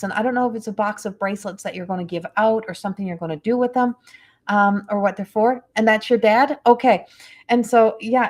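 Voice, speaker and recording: A woman's voice: medium pitch, a little mellow. A woman medium gives a live psychic reading in a rambling, hesitant way, piling up fillers and restarting her sentences. Her voice is tender and emotionally moved as she passes on messages. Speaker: medium and spiritual coach.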